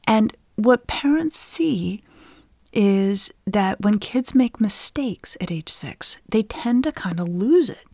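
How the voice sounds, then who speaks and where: A woman's voice: mid-range voice, slow, no room sound. Brief: middle-aged woman, expert guest, dry close sound, chatty explainer. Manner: lively, explains plainly, often laughs. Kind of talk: conversational explanation with anecdotes.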